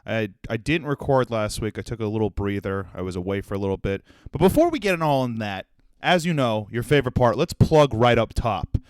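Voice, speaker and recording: Young male comedy podcast host, smooth voice, dry close mic, profane and self-deprecating. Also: medium pitch, lively intonation, brisk, a little mellow, no echo. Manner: profane, self-deprecating, swings between jokes and sincerity. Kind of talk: solo comedic monologue.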